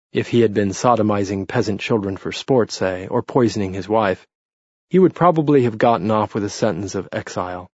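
Husky, low-voiced male audiobook narrator. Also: a little fast, darkish tone, no room sound, dull audio. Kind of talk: scripted narration.

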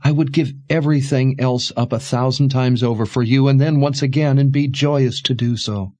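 A man voicing a weary, protective mother who speaks softly and tenderly in a storybook reading. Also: low-pitched, big pitch swings, moderate pace, no echo. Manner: soft, tender.

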